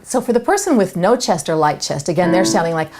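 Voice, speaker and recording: A woman vocal coach, giving a singing lesson with clear, instructive explanations. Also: lowish voice, sing-song, fast talker, over loud music. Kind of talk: singing lesson with sung demonstrations.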